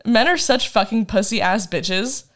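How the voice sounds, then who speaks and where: A woman's voice: a little high, a little slow, a bit bright. A woman in her twenties chatting casually as a podcast co-host, telling a rambling, dramatic story full of laughs. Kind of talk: casual chat.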